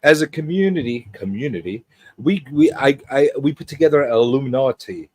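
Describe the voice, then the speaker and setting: A man's voice: mid-range voice, animated, fairly quick, breathy edge, no room sound. A man hosting a casual livestream chat, greeting viewers one by one with a rambling, teasing, joking manner. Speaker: host.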